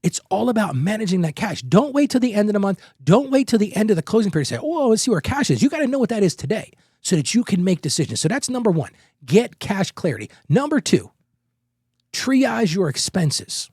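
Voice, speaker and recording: A man's voice: high-pitched, very animated, a little fast, darkish tone, husky, no room sound, studio quality. A middle-aged man hosting a business podcast, giving emphatic, conversational advice with anecdotes and rhetorical questions. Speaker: podcast host. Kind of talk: energetic business advice monologue.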